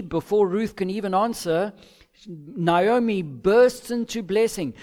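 Slow, high-voiced male preacher. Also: expressive, a little mellow. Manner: measured, with emphatic pauses and acted quotes. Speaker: pastor. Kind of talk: expository sermon.

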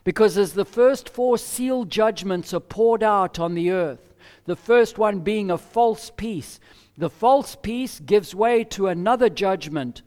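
A man preaching an expository sermon as pastor, measured and emphatic with deliberate pauses. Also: high voice, darkish tone, in a large hall.

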